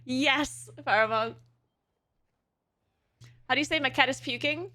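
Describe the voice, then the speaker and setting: A woman's voice: high-pitched, measured pace, long pauses, bright, forceful tone. A young woman with a German accent, a native German speaker, chatting casually with viewers on a live stream and laughing often.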